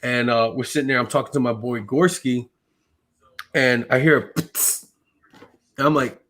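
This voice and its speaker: His voice is mid-range, steady and a little bright, moving at normal speed with frequent pauses. A former army medic on a podcast, he recounts a lengthy personal story casually, cursing a lot and leaning on fillers like "uh" and "like."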